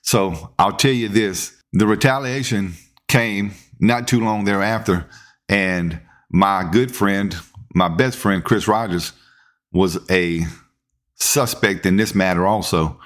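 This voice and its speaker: A man, hosting a podcast and telling a work story in a casual, animated way, acting out what people said. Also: lowish voice, slow pace. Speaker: podcast host, police officer.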